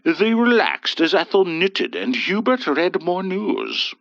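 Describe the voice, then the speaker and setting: A man's voice: sits high, huge pitch swings, slow, gravelly, fairly bright tone, dry recording. A man narrating a scripted horror story with a theatrical, swooping delivery. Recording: dull dry lo-fi voice.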